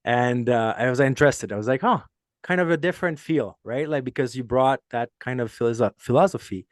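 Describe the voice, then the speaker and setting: Man, French Canadian accent, podcast host, casual chat, earnest and rambling, laughs a lot, mid pitch. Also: brisk, dry recording, studio quality. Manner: earnest, rambling, laughs often while telling stories.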